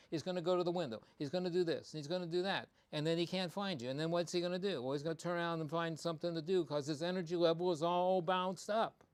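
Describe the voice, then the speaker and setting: Emphatic man explaining pet behavior. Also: fairly high pitch. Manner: emphatic, repeats key points; conversational with many ums and restarts. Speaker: veterinarian host. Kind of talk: live talk on pet behavior.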